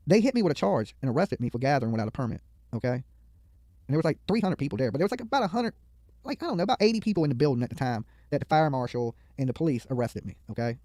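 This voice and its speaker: A man's voice: medium pitch, mellow, dry recording. A man giving profane, mocking live commentary on a video from a studio, heckling the people on screen and rambling into stories.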